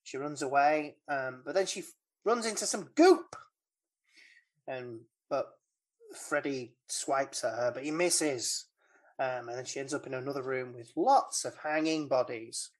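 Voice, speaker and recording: A woman's voice: a bass voice, measured pace. Chatty, giggly woman recapping. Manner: chatty, rambling, giggly recap with many fillers. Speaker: podcast co-host recapping a film. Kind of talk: casual chat.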